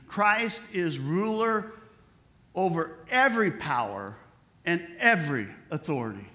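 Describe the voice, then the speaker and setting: A man's voice: high-pitched, very animated, measured pace, pushed and bright. A man preaching a sermon as pastor, emphatic and repetitive, building intensity on key phrases. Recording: echoey church hall.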